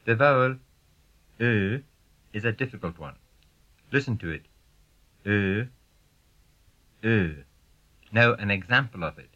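A man teaching pronunciation in a slow, measured scripted lesson, demonstrating each sound. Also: on the low side, animated, pushed and bright, no room sound, highs cut off. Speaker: language teacher.

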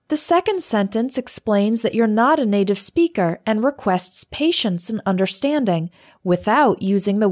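A woman reading a scripted English lesson in a clear, measured way, slowing down for the example phrases. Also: on the high side, a little mellow. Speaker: English teacher.

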